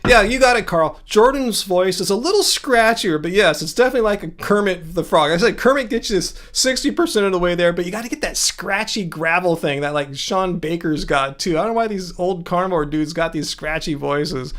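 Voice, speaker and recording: A man's voice: sits high, a little fast, few pauses, fairly bright tone. A man hosting a livestream in casual chat, joking, laughing at himself and reacting to comments from chat. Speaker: livestream host.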